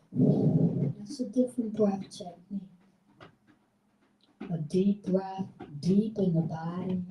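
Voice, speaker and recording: Woman, guided breathing meditation, very slow pace, dark mellow tone, roomy hall, distant mic. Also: mid-range voice, slight background noise. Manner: slow, soothing instructions with drawn-out phrases. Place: theater hall. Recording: roomy live hall from far off.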